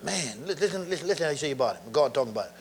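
Preacher guy, high voice, animated, laughs and shouts a lot mid sermon. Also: rapid-fire, slightly rough.

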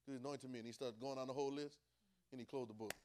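Dialect-speaking preacher swinging from soft to loud. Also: male voice, medium pitch, steady tone, quick pace. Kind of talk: sermon.

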